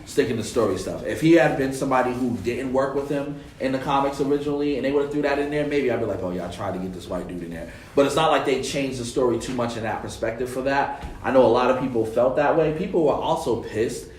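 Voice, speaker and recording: A man's voice: mid-range voice, fast talker, hardly any pauses, recorded from a distance, a little hiss or hum. A young adult man hosting a casual panel chat, telling stories with lots of fillers and acting out quotes. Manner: relaxed storytelling, many fillers, acts out quotes. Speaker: podcast host. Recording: roomy echo, voice heard from off the mic.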